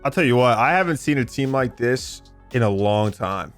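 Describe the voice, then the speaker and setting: A man's voice: medium pitch, animated, normal speed, soft background music. A man talking as an esports panelist, earnest and emphatic, repeating words for stress. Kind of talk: casual panel chat.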